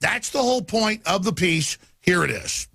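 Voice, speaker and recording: Gravelly ranting talk radio host. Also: male voice, sits high, lively intonation, normal speed. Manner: emphatic, ranting.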